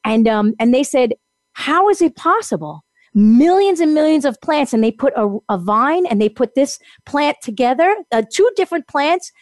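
A woman telling a long personal story in casual chat, animated and laughing often as she acts out what people said. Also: high-pitched, normal speed, dry recording, clean studio sound. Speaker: guest.

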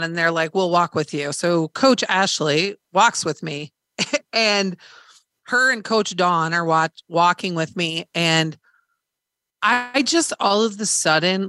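A woman's voice: on the low side, sharp tone, dry recording, clean studio sound. A woman hosting a podcast, candidly retelling a hard experience in casual chat, swearing freely and acting out quoted dialogue. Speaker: podcast host.

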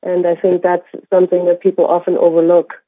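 A woman who works with animals, speaking as co-host in a measured, thoughtful conversational way. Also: fairly low pitch, monotone. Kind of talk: conversational talk. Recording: tinny phone-like line.

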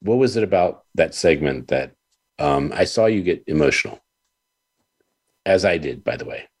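A man hosting an interview talk show, speaking earnestly with halting pauses and repeated words. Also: low voice, animated, husky. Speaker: radio show host.

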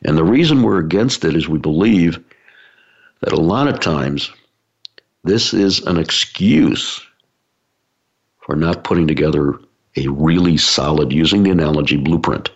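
Low gravelly man explaining with analogies. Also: expressive, unhurried, long pauses. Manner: explanatory, uses everyday analogies, frequent fillers. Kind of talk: talk to business audience. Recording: dull lo-fi recording.

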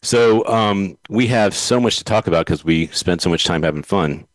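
A man with a very low voice chats casually as a podcast host, wandering through long anecdotes and laughing often. The sound is dry and close. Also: normal speed, no room sound. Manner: rambling storyteller, laughs often. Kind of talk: casual chat.

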